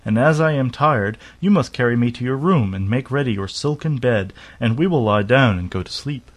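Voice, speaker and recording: A man's voice: medium pitch, animated, normal speed, natural voice. A man voicing a small, insistent male frog in a storybook reading, coaxing and pleading. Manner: coaxing, wheedling, raised voice.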